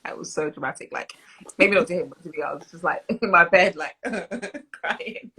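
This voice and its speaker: In an interview conversation, a twenty-something British woman muses on her experiences, laughing through anecdotes and often restarting or filling gaps. She speaks at a normal speed in a lowish, sharp voice that is slightly rough, captured on a rough recording.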